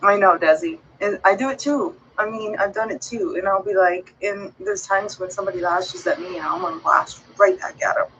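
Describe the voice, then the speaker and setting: A woman's voice: medium pitch, expressive, a little fast, few pauses, fairly bright tone, lo-fi sound, a little hiss or hum. A woman vlogger talking to her viewers in a casual, heartfelt way, rambling and earnest as she encourages them.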